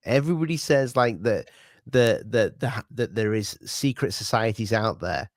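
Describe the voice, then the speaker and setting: A man's voice: on the low side, animated, normal speed, dry recording, studio quality. A man on a casual podcast asking curious, probing questions.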